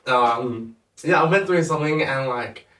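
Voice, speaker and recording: A young man, a podcast guest, chatting casually with a relaxed, laughing manner and a lot of "like". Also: mid-range voice, measured pace. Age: young adult. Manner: laid-back, laughs often, lots of "like". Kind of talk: casual chat. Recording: echoey room, mic at a distance.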